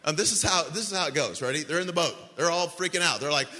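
A man preaching a sermon as pastor, telling the story with animated voices for panicked disciples. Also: a little high, fast talker, hardly any pauses. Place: church sanctuary. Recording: long reverb of a large hall.

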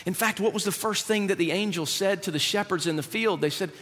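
A man's voice: high-pitched, a little fast, a bit bright. Man preaching in a reverberant hall. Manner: conversational preaching with rhetorical questions. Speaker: pastor. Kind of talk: sermon. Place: church.

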